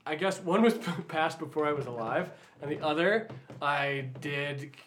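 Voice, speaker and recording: A Canadian man, the bass player of a band, chatting and telling stories with laughs and restarts. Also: normal speed, fairly bright tone, a little hiss or hum. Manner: chatty, laughing, rambling storyteller. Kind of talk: casual interview chat.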